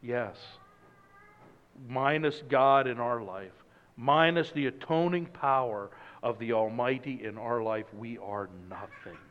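A man preaching a sermon, moving from loud emphatic lines to hushed, low passages. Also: slow, clear, resonant tone, long reverb tail, highs cut off. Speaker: pastor.

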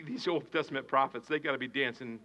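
A male pastor preaching a sermon with passion, swinging from hushed to shouting and repeating his phrases. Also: mid-range voice, moderate pace, poor audio.

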